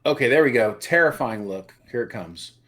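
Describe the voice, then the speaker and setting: Relaxed man narrating scenes on a live show. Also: medium pitch, moderate pace. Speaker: podcast co-host. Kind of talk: casual livestream review chat.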